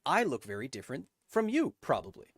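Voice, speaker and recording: A man hosting a science livestream, chatting casually and reading out viewer donations in an upbeat, joking way with bursts of excitement. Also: mid-range voice, a little fast, slightly rough, no room sound, clean studio sound. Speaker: science YouTuber host.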